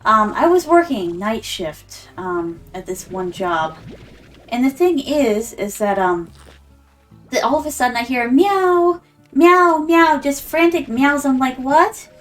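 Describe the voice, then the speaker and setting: A woman's voice: fairly high pitch, animated, unhurried. A woman streamer chatting casually and telling a story while she plays a game, acting out the voices of the people in it. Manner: chatty, acts out quoted voices. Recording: slightly distant mic with background music.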